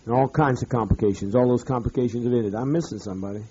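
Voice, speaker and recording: A man, a pastor, berating his congregation in a profane rant, swinging from shouting to muttering. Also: mid-range voice, fast talker, slightly rough, muffled recording. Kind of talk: ranting address to his congregation.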